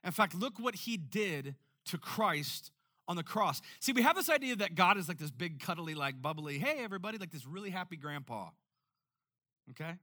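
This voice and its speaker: A man preaching a sermon in an animated way, often repeating words when making a point. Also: a little high, moderate pace. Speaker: pastor.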